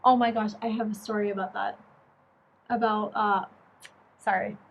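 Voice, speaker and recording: A woman's voice: medium pitch, moderate pace, a little hiss or hum. A woman who teaches young children, chatting casually and telling stories animatedly, acting out the voices. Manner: animated storyteller, acts out voices, laughs often. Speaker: co-host and book reader. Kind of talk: casual chat with read-aloud passages.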